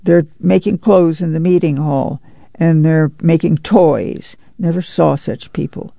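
A man voicing a lean, friendly middle-aged camp manager who talks in a warm, easygoing, chatty way. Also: fairly high pitch, fairly even intonation, a little slow, gravelly, no room sound, dull audio.

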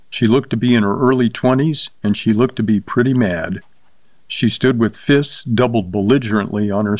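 A man reading a short story aloud with steady, measured narration. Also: on the low side, dry recording.

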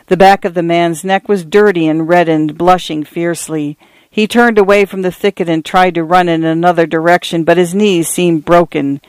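A man narrating literary fiction in a measured, tense, dramatic reading. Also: fairly high pitch, no echo.

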